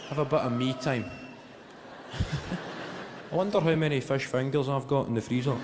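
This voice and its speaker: A Scottish man with a Glaswegian accent doing a stand-up routine, swearing freely and building stories to loud shouted punchlines. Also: mid-range voice, moderate pace, heavy background noise. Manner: swearing, animated storytelling with rising shouts. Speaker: stand-up comedian. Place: theatre stage with audience laughter. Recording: long hall reverb, loud ambience.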